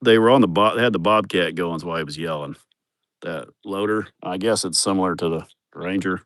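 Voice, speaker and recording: A man rambles through a crude, joking tour of his farm. His voice sits a bit low, and the sound is dry and close. He talks casually into a phone camera outdoors. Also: brisk, fairly bright tone, no room sound. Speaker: vlogger showing his farm. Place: outdoors on rural farmland.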